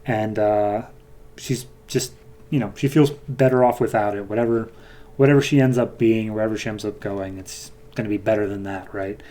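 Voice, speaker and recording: A man hosting a podcast, casually retelling a comic's plot with many fillers and quick quoted lines. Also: on the low side, fairly even intonation, mellow. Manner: loose, filler-heavy retelling, voicing characters lightly. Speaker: podcast host.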